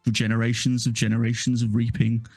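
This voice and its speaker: A man doing a creaky, menacing old village elder who confesses his dark bargain with slow, gloating scorn. He talks down to his listeners. The voice sits dry and close, with soft music underneath. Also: medium pitch, monotone, no echo, lightly acted.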